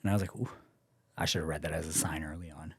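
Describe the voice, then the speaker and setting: A man's voice: very deep voice, steady tone, fast talker, breathy edge, no echo, studio quality. A young Canadian man, a podcast guest, telling a story in casual chat, acting out quoted voices and swearing freely.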